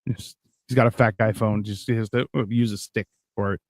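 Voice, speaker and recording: A man co-hosting a live stream, trading crude, profane banter and mocking chat with loud put-on voices. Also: lowish voice, steady tone, fairly quick, no echo, clean studio sound.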